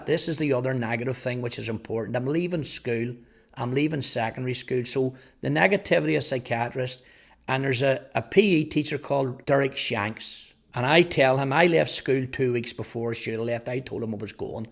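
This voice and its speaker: A man in his fifties with a Northern Irish accent, earnestly telling his life testimony, halting at times over repeated words. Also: mid-range voice, creaky. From Northern Ireland. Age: 50s. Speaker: testimony speaker. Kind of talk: personal testimony storytelling.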